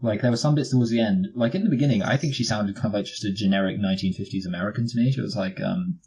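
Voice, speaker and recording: A man's voice: on the low side, racing, hardly any pauses, a little mellow, husky, rough recording. A man co-hosting a casual film review chat, joking and breaking into impressions. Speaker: podcast co-host.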